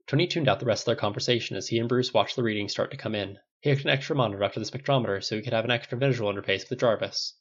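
A man's voice: mid-range voice, racing, hardly any pauses. A man steadily narrating a fan fiction audiobook. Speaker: audiobook reader. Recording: dull lo-fi recording.

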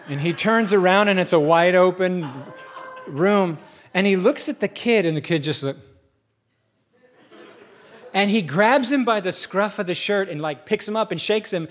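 A middle-aged male pastor delivering a relaxed, conversational sermon with a somewhat high voice. He tells stories animatedly, jumping into acted-out voices. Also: normal speed, pauses often. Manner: animated storyteller who acts out voices with big pitch jumps.

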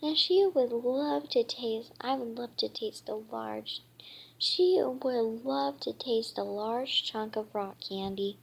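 A woman's voice: on the high side, gravelly, slightly rough, full character voice, rough recording. A woman voicing a sweet-toothed girl fairy in a storybook, with stumbles and restarts. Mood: eager. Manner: halting, restarting reading.

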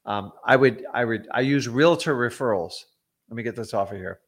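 A middle-aged man hosts a casual livestream lesson on real estate. He talks bluntly and chattily, with plenty of ums and side remarks, at an ordinary pitch. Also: moderate pace. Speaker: real estate investor teaching wholesaling.

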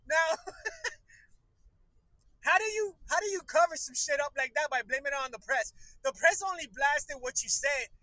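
High-voiced, profane ranting man. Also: lively intonation, moderate pace, bright, forceful tone, no room sound, rough recording. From United States. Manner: profane, exasperated, laughs often mid-sentence. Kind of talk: casual ranting commentary.

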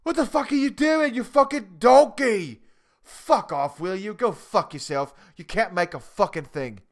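A man's voice: medium pitch, animated, normal speed, natural voice. A man impersonating a furious, foul-mouthed male TV head chef who barks insults and clipped commands at cooks. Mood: raging. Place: home basement. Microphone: cheap desktop USB mic.

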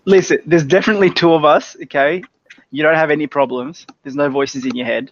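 A man's voice: on the high side, steady tone, fairly quick, muffled recording. A man with an Australian accent co-hosting a podcast, talking reassuringly to the viewers in casual banter. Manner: reassuring, talks straight to viewers. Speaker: podcast co-host.

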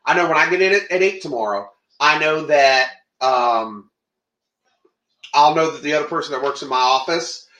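Bright-voiced man rambling in an echoey room. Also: fairly high pitch, normal speed. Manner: swears freely, rambling storyteller. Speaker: co-host. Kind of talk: casual livestream chat.

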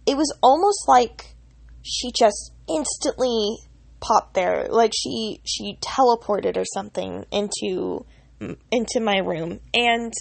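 A woman's voice: on the high side, gravelly, dry recording. A young woman casually telling a personal story in a rambling way, full of restarts and fillers.

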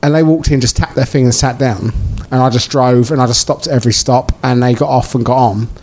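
A man's voice: mid-range voice, fairly even intonation, a little fast, a little mellow, slight background noise. Rambling casual podcast man. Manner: rambling, lots of likes and restarts. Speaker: podcast co-host. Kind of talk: casual chat.

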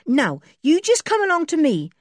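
A woman's voice: sits high, wildly swooping pitch, normal speed, no echo, studio quality, pitched above the performer's own voice. Woman voicing an eager teenage garage boy.

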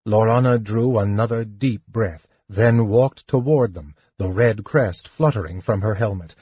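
A man narrating a fantasy audiobook in a measured, even storytelling manner. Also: lowish voice, breathy edge, dry recording, lo-fi sound.

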